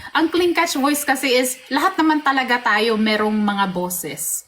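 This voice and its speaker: A woman's voice: high voice, moderate pace, a bit bright, slight background noise, poor audio. A woman with a Filipino accent hosting a casual interview, chatty and reassuring as she switches between Tagalog and English.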